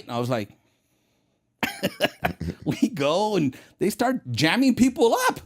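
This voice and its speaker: Animated middle-aged man telling stories. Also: high voice, takes it slowly. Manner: animated, acts out quoted dialogue. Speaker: guest, retired federal agent. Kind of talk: casual interview storytelling.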